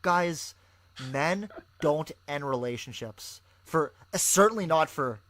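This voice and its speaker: A man laying out his views in a firm, lecturing tone. His voice sits a little higher than most men's and sounds dry and close. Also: lively intonation, slow, a bit bright, no room sound. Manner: assertive, lecturing. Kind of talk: opinionated talk.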